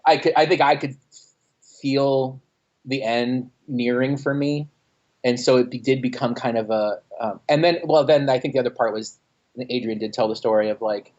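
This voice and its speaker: A man's voice: medium pitch, normal speed, muffled recording. A man from Texas, a former band frontman, telling stories in a casual interview, swearing and acting out quotes. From Austin, Texas. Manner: profane, animated storytelling with acted-out quotes. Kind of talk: casual interview over a call. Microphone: internet call.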